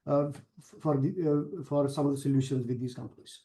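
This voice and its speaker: A man's voice: mid-range voice, flat delivery, a little fast, dark tone, reverberant, low-quality recording. A man answering investor questions on a call, hesitant and often restarting his words.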